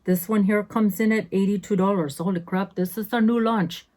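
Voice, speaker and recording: A woman's voice: medium pitch, steady tone, moderate pace, a little mellow. A woman in her fifties chatting casually as a beauty vlogger through an unboxing, sassy and full of self-interrupting asides. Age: 50s.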